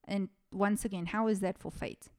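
A woman's voice: mid-range voice, steady tone, moderate pace, darkish tone. A woman, hosting a podcast and telling a true-crime story in a casual, chatty way, swearing often and laughing at her own sarcastic asides. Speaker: podcast host.

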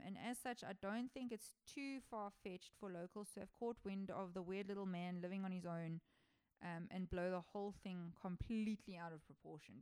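A young woman hosts a solo folklore podcast in a casual, chatty, enthusiastic way. Her voice is smooth and clear, and the close mic keeps it dry. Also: medium pitch, a little mellow, dry recording. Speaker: podcast host.

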